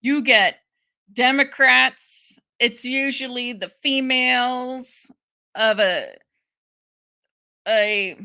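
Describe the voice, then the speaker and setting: A woman's voice: on the high side, extremely slow, pauses often. A young woman from Ohio giving chatty, laughing live commentary on a hearing. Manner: chatty, laughing, animated asides. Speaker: political commentary streamer.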